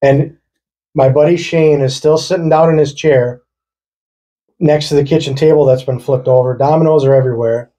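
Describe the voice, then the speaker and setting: Man, husky, mellow, casual swearing storyteller. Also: a little high, fairly even intonation, normal speed. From rural Wisconsin. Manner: loose, profane, laughing through his story. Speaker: podcast co-host. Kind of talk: casual storytelling among friends.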